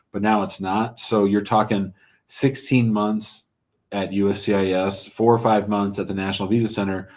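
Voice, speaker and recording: A man with a fairly low voice hosts a live call-in advice show. He talks bluntly and plainly, even swearing casually. His answers come straight and unvarnished. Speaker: immigration lawyer hosting a live call-in show.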